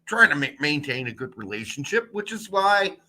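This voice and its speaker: Co-host: man with a high, bright voice, dry and sarcastic, swears freely. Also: very animated, normal speed. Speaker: podcast co-host. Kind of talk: casual soccer chat.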